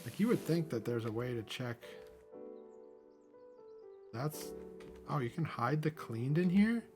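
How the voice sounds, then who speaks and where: In a sing-song, mid-range voice and at a measured pace, a young man hosts a gaming channel and chats cheerfully while playing. He rambles and is easily amused, his casual let's-play talk set over background game music.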